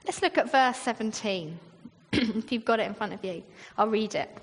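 Woman giving a chatty sermon, lots of "isn't it?" questions, high voice. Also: moderate pace, breathy edge. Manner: conversational, with rhetorical questions and acted-out quotes. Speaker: church leader preaching. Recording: long reverb in a hall.

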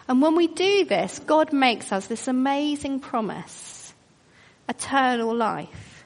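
A woman's voice: high-pitched, animated, slow. A woman preaching a sermon, earnest and questioning, telling it like a story. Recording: long reverb of a large hall.

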